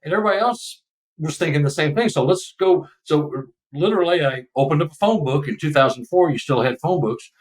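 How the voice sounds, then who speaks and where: A man's voice: a little high, a little fast. Older Texan man, slightly distant mic. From Texas. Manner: emotional, animated storyteller with rambling asides. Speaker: podcast guest. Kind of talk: casual storytelling.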